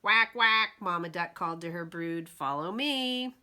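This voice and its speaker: A woman voicing a protective mother duck in a picture book read-aloud, calling out to her ducklings in a loud, high, urgent voice. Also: measured pace. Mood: cheerful.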